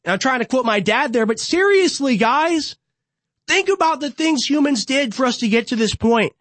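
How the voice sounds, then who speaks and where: This young political podcast host delivers a fiery studio rant, stacking rhetorical build-ups again and again. His very high-pitched voice is expressive and fairly bright at a moderate pace, recorded without any echo.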